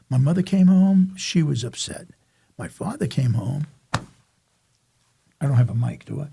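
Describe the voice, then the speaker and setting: An older man tells a rambling childhood story in casual chat, often restarting his sentences. His voice is very gravelly and husky, with a dark, mellow tone. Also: medium pitch, animated, measured pace, long pauses. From Staten Island, New York. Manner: rambling, self-interrupting storyteller. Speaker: podcast guest telling a life story.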